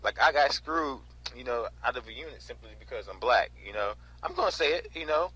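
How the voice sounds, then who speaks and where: A man in his twenties from North Carolina casually recounting a storage auction in an animated way, often adding "right?" and "you know?". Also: medium pitch, a little fast, breathy edge, poor audio. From North Carolina, USA. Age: 20s. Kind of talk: casual storytelling vlog.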